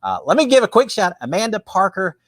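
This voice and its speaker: Texan man host, folksy chatter, animated voice, dry close sound. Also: high-pitched, brisk, no room sound. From Texas. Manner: folksy, chatty, reads viewer comments aloud. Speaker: livestream host. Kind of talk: casual live-stream chat. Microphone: webcam with green screen.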